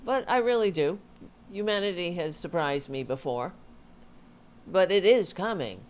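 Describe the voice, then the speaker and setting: Slow-talking woman commentator, exasperated. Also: lowish voice, animated, a little hiss or hum. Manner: exasperated, sarcastic, swears at clips. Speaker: political commentary host. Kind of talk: reacting to clips, casual commentary.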